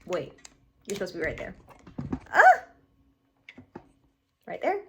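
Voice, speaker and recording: A woman's voice: lowish voice, huge pitch swings, quick pace, creaky, background noise. A young woman from Puerto Rico giving emphatic, casual reaction commentary at home, swearing freely into a camera on a stand. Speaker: reaction video host.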